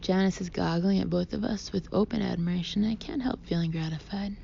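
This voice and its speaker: A woman narrating an audiobook in the first person, expressive, often sinking to a breathy half-whisper. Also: lowish voice, fairly quick. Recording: muffled lo-fi audio with faint hiss.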